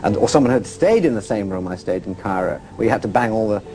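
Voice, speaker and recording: A man's voice: on the low side, animated, fast, warm tone. An older man from England, a guest telling travel stories in a chatty, self-mocking way. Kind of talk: casual interview chat.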